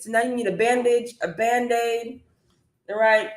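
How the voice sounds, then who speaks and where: A woman coaching viewers on a live stream, chatty and energetic, calling the audience y'all. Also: fairly high pitch, normal speed, reverberant. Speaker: online business coach.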